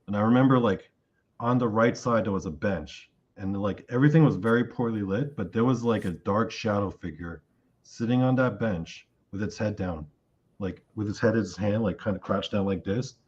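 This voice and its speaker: A man's voice: lowish voice, normal speed, slightly rough, highs cut off. A man being interviewed, telling a long dream story in casual talk and acting out what he said in it. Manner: animated retelling of a dream, acting out his own lines. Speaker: interview guest.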